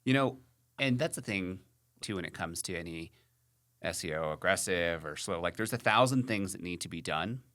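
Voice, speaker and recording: A man's voice: sits low, animated, normal speed, fairly bright tone. A man hosting a podcast in casual chat, frank and rambling, full of "like" and "you know".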